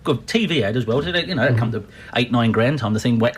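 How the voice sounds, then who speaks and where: A man's voice: mid-range voice, quick pace, a little hiss or hum. A man hosting breakfast radio, chatting and joking with callers and laughing easily. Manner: lively, jokey, laughing banter. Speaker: radio host.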